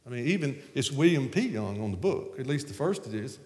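A man with a Southern American accent telling a story to an audience in an animated, laughing way. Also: mid-range voice, brisk. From Southern United States. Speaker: speaker on stage. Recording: echoey hall with long reverb.

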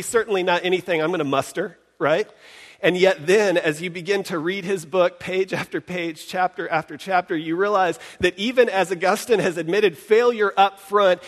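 A man giving a sermon in an animated, conversational way, often putting rhetorical questions to his congregation. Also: on the high side, big-room sound. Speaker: preacher.

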